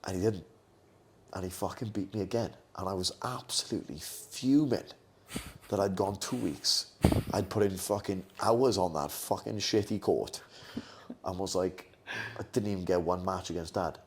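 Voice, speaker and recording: A young man with a very low voice, co-hosting a casual podcast. He swears freely and tells family stories. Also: moderate pace. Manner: swearing, storytelling, animated retelling. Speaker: podcast co-host. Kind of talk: casual chat.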